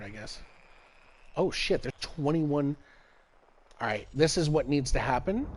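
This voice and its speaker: A young man giving live commentary while playing a space game, swearing often and swinging between exasperation and excitement. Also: medium pitch, slight background noise. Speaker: game streamer.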